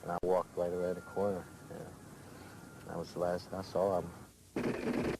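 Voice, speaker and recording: A young man, a college football player, recalling events outdoors in a slow, matter-of-fact way. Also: sits low, level tone, background noise. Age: young adult. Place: outdoors by a campus building.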